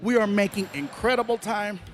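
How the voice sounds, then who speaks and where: High-voiced animated male comedian. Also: fairly quick, over loud music. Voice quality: animated, loud bursts, exaggerated yelps. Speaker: stand-up comedian. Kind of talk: stand-up comedy storytelling.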